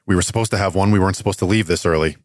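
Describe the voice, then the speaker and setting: A man's voice: sits low, lightly acted. A man voicing a harried male rebel transport worker, talking in a hurry. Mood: flustered. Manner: hurried, flustered explaining.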